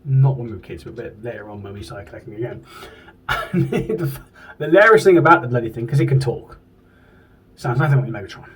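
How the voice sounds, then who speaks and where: Husky man chatting about collectibles. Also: medium pitch, lively intonation, quick pace, a bit bright, far from the mic, low-quality recording. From United Kingdom. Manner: chatty and enthusiastic, swears casually. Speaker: toy collector reviewer. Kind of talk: casual chat. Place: home room.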